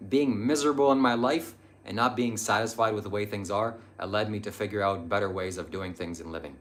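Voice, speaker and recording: Young male live-stream host, low-pitched, earnest, meandering delivery full of ums. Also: fairly quick. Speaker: livestream host answering viewer chat. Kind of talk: casual live-stream talk on spirituality.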